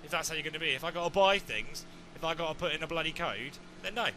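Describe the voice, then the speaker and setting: A young man chatting through a video game playthrough in a jokey, excitable way. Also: a little high, fast, slight background noise. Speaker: let's play gamer. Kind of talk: casual game commentary.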